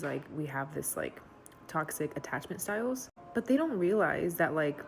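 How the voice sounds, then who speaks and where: A woman's voice: low voice, slight background noise. A woman talking through family patterns in an earnest, thoughtful, conversational way. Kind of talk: reflective commentary.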